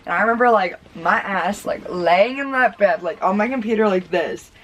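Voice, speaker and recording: A woman's voice: mid-range voice, moderate pace, a bit bright. A young adult woman telling a storytime vlog in a chatty, casual way, full of "like" and "oh my god". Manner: chatty, lots of "like" and "oh my god" gasps. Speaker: vlogger.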